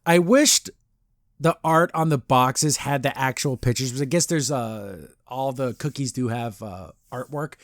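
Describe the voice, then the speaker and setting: A man's voice: mid-range voice, a little slow, dry recording, studio quality. A man hosting a podcast, chatting casually as he reviews a comic, rambling and laughing as he retells scenes. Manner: rambling, animated retelling with acted-out quotes and frequent laughs. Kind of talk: casual chat.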